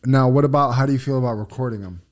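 A man's voice: medium pitch, racing. A man hosting a casual podcast, asking questions and reacting with profane interjections.

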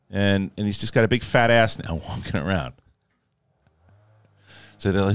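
A man casually reviewing an episode, animated and jokey, acting out the characters in quick asides. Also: low-pitched, smooth, no room sound. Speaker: film and TV reviewer.

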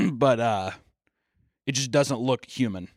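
Animated young podcast co-host man. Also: mid-range voice, no echo, studio quality. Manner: animated, swearing, quick jokey riffs with put-on quotes. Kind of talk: casual chat.

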